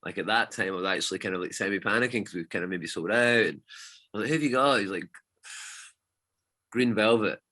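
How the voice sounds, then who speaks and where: Man, low voice, bright tone, casual storytelling, animated, swears. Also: racing. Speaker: DJ guest.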